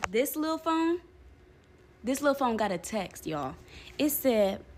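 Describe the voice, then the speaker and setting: A young woman telling viewers a personal story in casual vlog talk, animated and direct, acting out what others said. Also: measured pace. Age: young adult. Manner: animated, talks straight to viewers, acts out quotes; wide swings in pitch and loudness. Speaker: storyteller vlogger.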